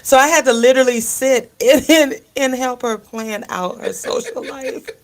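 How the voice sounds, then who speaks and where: Here a high-pitched woman speaks at a moderate pace as co-host of a radio talk show. Middle-aged and animated, she chats casually through comic family tales, laughing a lot and voicing the people she quotes.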